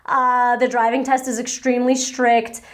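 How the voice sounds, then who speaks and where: A woman's voice: fairly high pitch, flat delivery, normal speed. A young woman from New Jersey answering viewer questions in a casual, rambling vlog chat, often laughing at herself. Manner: chatty, rambling, self-deprecating. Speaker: vlogger. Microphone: battery-powered microphone.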